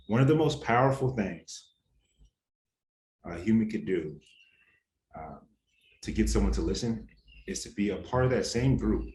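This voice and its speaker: A young man with a very low voice answers interview questions candidly, growing heated as he talks in loose, slangy speech. The room adds a roomy echo and a faint ambient hum. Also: a little mellow. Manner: earnest, heated, casual slang. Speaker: interview guest.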